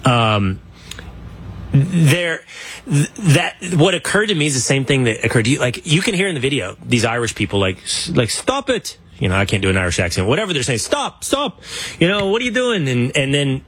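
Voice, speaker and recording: A man hosting a political interview, telling stories in an animated, opinionated way. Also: mid-range voice, a little fast, breathy edge. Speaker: show host.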